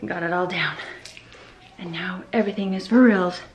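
A woman chatting casually at home in a family vlog, playful and teasing, sometimes cheering loudly. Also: lowish voice, normal speed, a little hiss or hum.

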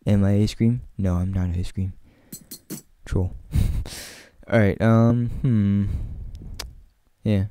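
A man's voice: on the low side, fairly even intonation, extremely slow, pauses often, mellow, smooth, dry recording. A man giving casual, chatty commentary while playing, joking and laughing often and rambling straight to his viewers. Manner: rambling, talks to viewers directly. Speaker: gaming channel host.

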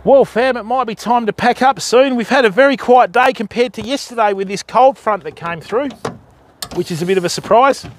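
A man's voice: extremely high pitch, a little fast, a little hiss or hum. An Australian man live-streaming outdoors at night in the rain, chatting casually with his viewers and calling them fam.

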